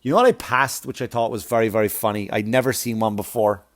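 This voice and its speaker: A stand-up comedian telling a funny personal story in a profane, animated way, laughing at his own jokes. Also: on the low side, quick pace. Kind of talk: comic storytelling.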